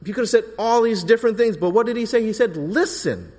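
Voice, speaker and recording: A man's voice: sits high, expressive, quick pace. Emphatic male preacher in a reverberant hall. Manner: emphatic, rising to forceful bursts on key phrases. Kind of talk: sermon.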